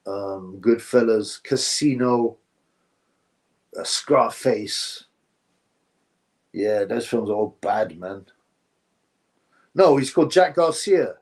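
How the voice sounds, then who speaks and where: Male stream host, relaxed rambling chat delivery. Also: medium pitch. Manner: rambling, drifts between topics, says "bro" often. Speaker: livestream host reading chat. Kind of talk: casual live-stream chat.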